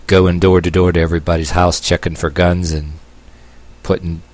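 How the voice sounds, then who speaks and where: Man, very deep voice, rambling home video monologue, halting, lots of fillers, sarcastic asides. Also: level tone, a little mellow. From United States. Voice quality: long-haired, calls himself a hippie. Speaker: vlogger.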